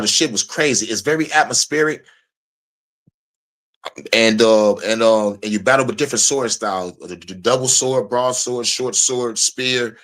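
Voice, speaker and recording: Guy in his 30s hosting a podcast, cussing a lot, hyped up and laughing, regular mid pitch. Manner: profane, laughing, excited storytelling. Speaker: podcast host. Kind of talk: casual chat.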